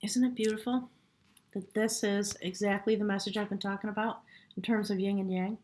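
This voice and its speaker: A woman giving a spiritual tarot reading in a soft, reverent way, sometimes dropping to a hush and getting choked up. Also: medium pitch, flat delivery, a little fast. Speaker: tarot reader.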